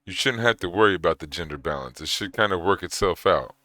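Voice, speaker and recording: Deep-voiced man rambling in casual commentary. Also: expressive, fast talker, sharp tone, no room sound, clean studio sound. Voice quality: very deep voice, words mushing together. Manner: rambling, conversational, acts out quoted exchanges. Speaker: commentator reacting to a video.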